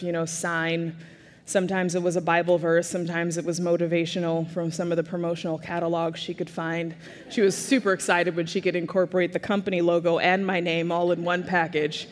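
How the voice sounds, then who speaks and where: A woman in her thirties giving a humorous, self-mocking personal talk as a keynote speaker, with animated delivery and comic timing. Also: lowish voice, big-room sound. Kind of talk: humorous personal storytelling speech.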